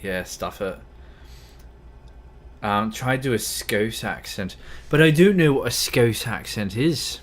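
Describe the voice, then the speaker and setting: A man's voice: medium pitch, expressive, slow. A man chatting casually on a gaming livestream, rambling and easily distracted. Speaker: streamer.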